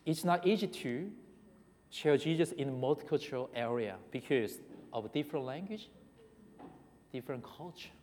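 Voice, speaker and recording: A man's voice: medium pitch, expressive, darkish tone, a little hiss or hum. Korean-accented guy preaching, stops and restarts a lot, asks the room questions, long echo in the hall. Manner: halting, repeats and restarts words. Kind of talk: sermon. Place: church hall. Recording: reverberant hall.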